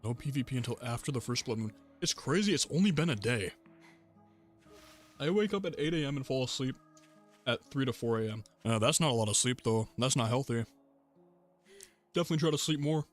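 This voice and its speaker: A man's voice: medium pitch, brisk, long pauses, faint music behind. Young man rambling on a stream. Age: young adult. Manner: rambling, relaxed, laughs often, yawning. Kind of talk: casual gaming livestream chat.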